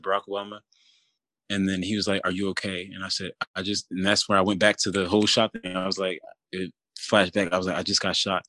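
Low flat-voiced young man telling a story. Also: no echo. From Philadelphia area. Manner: casual, many fillers like "you know" and "kinda". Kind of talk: personal storytelling.

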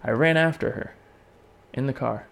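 A man co-hosting a podcast, telling an animated, swearing story in casual chat and shouting the lines he quotes. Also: medium pitch, normal speed, creaky. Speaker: podcast co-host.

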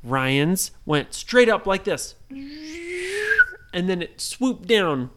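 A woman improvising a bedtime story for a child, lively and singsong, often pausing to ask the child questions. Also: mid-range voice, very noisy. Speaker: parent telling a bedtime story.

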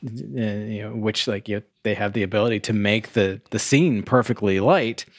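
A low-voiced man co-hosting a podcast, talking things through thoughtfully. He hesitates with fillers and lets his words fade off quietly. The recording is dry and close-miked. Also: moderate pace, no room sound. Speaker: podcast co-host. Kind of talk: casual chat.

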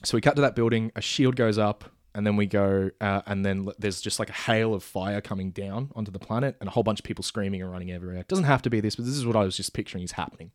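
Rapid-fire and hardly pausing, a man chats about a movie concept he wants to pitch, looping back with fillers and restarts and occasionally slipping into character voices for lines. The studio sound is clean, with no room sound.

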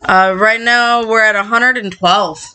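A woman's voice: on the high side, steady tone, a little slow, pushed and bright, slight background noise, poor audio. A woman co-hosting a casual podcast, reading out listener stats matter-of-factly and swearing casually. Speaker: podcast co-host. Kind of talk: casual chat.

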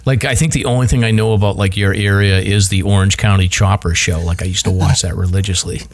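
A man's voice: sits low, steady tone, fast. A man hosting a hiking podcast in casual chat, loose and chatty with many fillers and restarts. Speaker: podcast host.

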